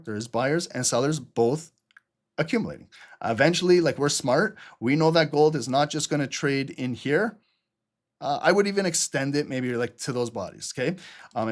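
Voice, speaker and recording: Casual man walking through trading charts. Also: medium pitch. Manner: casual, energetic, talks to viewers as guys. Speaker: trading channel host. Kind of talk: live chart analysis.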